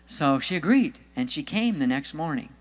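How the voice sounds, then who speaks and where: A man's voice: a little high, big pitch swings, normal speed, in a large hall. A man, a Christian author and speaker, telling testimony stories and urging listeners on in an earnest, exhorting sermon style.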